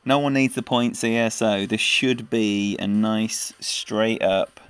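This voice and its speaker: A man's voice: on the low side, fairly even intonation, slow, a bit bright, clean tone, no room sound. A man giving live gameplay commentary and chatting with his viewers by name, laughing easily. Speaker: game streamer. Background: faint game music.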